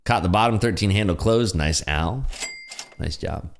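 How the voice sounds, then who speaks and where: This day-trading livestream host talks through trades in a relaxed chat, frequently joking and laughing along with viewers. He speaks at a normal speed in a low-pitched voice with vocal fry, recorded on his desk computer streaming rig.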